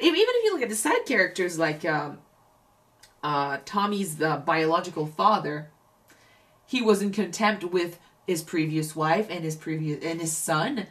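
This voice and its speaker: A woman's voice: lowish voice, fairly bright tone. Woman co-host, casual reaction chat, reflective, restarts often. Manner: thoughtful, restarts sentences often.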